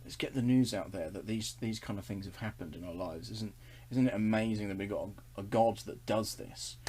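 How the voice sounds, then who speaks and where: A man's voice: lowish voice, fairly quick, warm tone, slightly rough. Earnest man leading a Bible study. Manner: earnest and enthusiastic, with frequent restarts and chuckles. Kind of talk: casual online Bible study talk.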